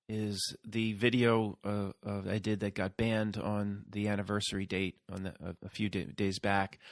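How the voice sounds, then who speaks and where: A man's voice: fairly low pitch, no room sound, studio quality. A man hosting his own channel, talking casually in a rambling solo monologue full of restarts and fillers. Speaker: YouTube channel host.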